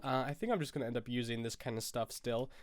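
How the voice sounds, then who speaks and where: A man's voice: mid-range voice, fast talker, no room sound. Stuffy-nosed young man rambling over gameplay. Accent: American. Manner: rambling, self-correcting, sniffling. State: stuffy nose from a cold. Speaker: Minecraft YouTuber. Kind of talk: casual gameplay commentary.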